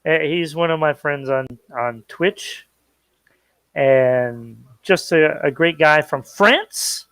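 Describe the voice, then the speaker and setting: Male co-host, casual chat, slow unhurried delivery, slightly high voice, dry close sound. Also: a bit bright, clear, resonant tone, no room sound. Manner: chatty, plugs channels, trails off and restarts. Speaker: talk show co-host. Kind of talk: casual pop culture chat.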